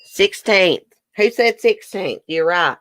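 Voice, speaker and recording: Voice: medium pitch, lively intonation, slow, fairly bright tone, no echo. A livestream host in a casual trivia chat, reading questions aloud and answering viewers' guesses while chewing on a snack. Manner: talks while chewing a brownie.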